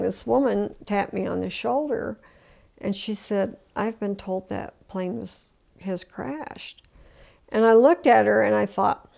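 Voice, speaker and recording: A woman's voice: mid-range voice, creaky, darkish tone. An older woman in an oral history interview, telling her story with emotion, restarting often and acting out the voices she quotes. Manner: emotional retelling with many restarts.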